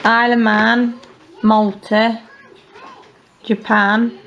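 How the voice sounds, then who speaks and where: A homeschooling mum talks her children through a task at the family table. Her voice sits fairly high, and she speaks in a patient, chatty way. A faint hiss runs underneath. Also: flat delivery, drawn-out words, a bit bright, lo-fi sound. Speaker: homeschooling mother. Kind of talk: casual family chat.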